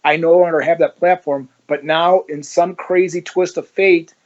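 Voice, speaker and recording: The high frequencies are cut off in this recording of an Ohio man from the United States, a former police officer, giving an interview. At a moderate pace and in a slightly high voice, he tells his story animatedly and acts out what people said.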